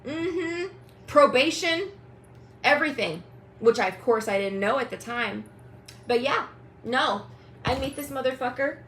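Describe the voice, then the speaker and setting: Young woman, livestream host, furious rant, swearing, mocking, slightly high voice. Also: moderate pace, a bit bright, a little hiss or hum, poor audio. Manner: angry, profane, mocking, addresses people directly. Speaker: tarot reader hosting a livestream.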